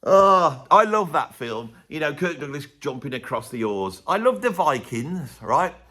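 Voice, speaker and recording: Ranting to the camera, this music vlogger is sarcastic and opinionated, lurching between loud bursts and mumbled remarks. His voice runs high and sing-song, and he speaks a little slowly.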